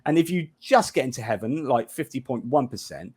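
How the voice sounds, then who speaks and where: A man's voice: medium pitch, a little fast, breathy edge. A man, a guest in a casual podcast talk, arguing his points with energy and often searching for words. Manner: lively, argumentative, searching for words. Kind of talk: casual discussion.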